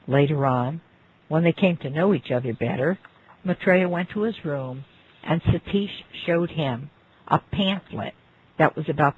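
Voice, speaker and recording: A man with a very husky, gravelly voice, pitched a little above the usual, tells a life story in an unhurried, reflective way. He turns to the listener now and then as he goes. The sound is thin and phone-like. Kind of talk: spoken narration of a life story. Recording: phone-like lo-fi recording.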